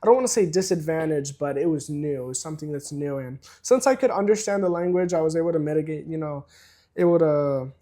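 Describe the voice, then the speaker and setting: A young man and student, guest on a podcast, speaking in a measured, thoughtful way with small hesitations. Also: a little high, mellow. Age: young adult. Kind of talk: casual chat.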